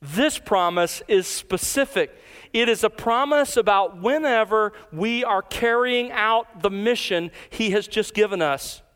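A pastor preaching an emphatic expository sermon, slowing down to stress key words. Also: male voice, high voice, fairly bright tone, smooth.

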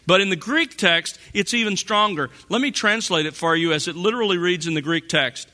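A man preaching a sermon, slow and deliberate, drawing out key phrases for emphasis. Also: high voice, pushed and bright. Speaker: pastor.

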